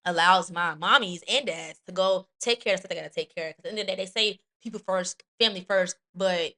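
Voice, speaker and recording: A woman hosting a podcast and serving as an Army NCO, talking bluntly with lots of profanity in a candid, animated chat. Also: lowish voice, fast talker.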